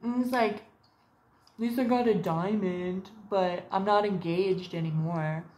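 A woman's voice: mid-range voice, a little slow, darkish tone. A woman talking to camera in a rambling, profane vlog monologue, drifting between topics and slipping into little put-on voices. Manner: profane, wandering, puts on voices in quotes. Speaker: vlogger. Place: sitting at home.

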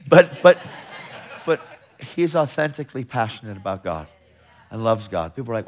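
A man's voice: mid-range voice, animated, normal speed, background noise. Fervent male preacher. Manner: passionate, emphatic, rhetorical questions. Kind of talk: sermon.

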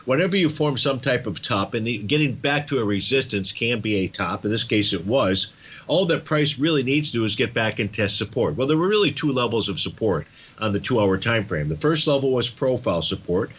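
Male trading-show host, methodical chart talk, mid-pitched voice, slightly lo-fi recording. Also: lively intonation, a little fast, fairly bright tone, slightly rough. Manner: methodical, walks through chart levels with frequent fillers. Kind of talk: live market chart commentary.

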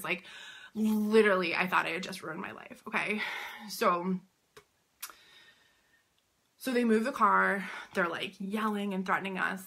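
A woman's voice: mid-range voice, moderate pace, slightly rough. A woman and boutique owner telling a story to camera in a casual, chatty way, with "like" in nearly every phrase. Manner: chatty, heavy use of "like", animated retelling. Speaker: boutique owner and business coach.

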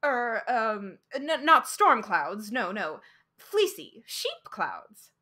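A woman's voice: on the high side, very animated, drawn-out words, pushed and bright, full character voice. A woman voicing a flustered young man who stammers and hesitates in a storybook reading.

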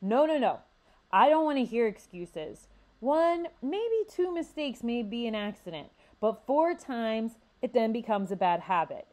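A woman's voice: fairly high pitch, expressive, unhurried, a little mellow, pitched above the performer's own voice. A woman voicing a stern male club adviser who lectures his students, in a read-aloud story.

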